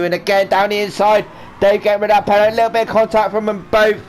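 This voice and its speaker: Here the voice is high-pitched and flat, and he talks fast. He's driving in a sim race and narrating it live in a rambling, jokey way, doing silly voices for the drivers while a faint hum of game audio runs behind.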